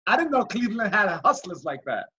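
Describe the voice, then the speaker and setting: A comedian host with a high, bright and tense voice that has a husky edge. He tells stories with brash, teasing energy. The sound comes through a dull, lo-fi video call. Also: sing-song, a little fast. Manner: brash, playful teasing storyteller. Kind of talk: casual chat.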